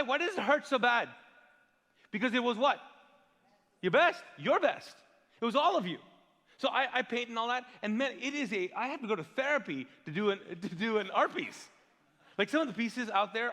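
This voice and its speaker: High-voiced pastor preaching in a hall. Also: male voice. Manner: animated, asks the congregation rhetorical questions; self-deprecating and playful. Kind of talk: sermon. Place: church auditorium.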